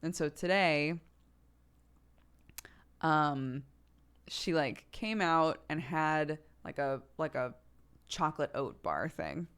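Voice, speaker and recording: Low-voiced woman chatting casually. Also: lively intonation, takes it slowly, pauses often, a bit bright, clean tone. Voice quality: chatty, laughs often, many "like" fillers. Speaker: streamer. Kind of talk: casual storytelling chat.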